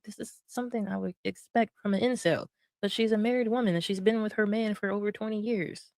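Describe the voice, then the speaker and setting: A woman's voice: mid-range voice, fairly even intonation, brisk, a little mellow, no room sound. Chatty woman streamer, dry close sound. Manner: chatty, laughs often, fillers of "like". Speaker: streamer reacting to clips. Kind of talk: casual commentary.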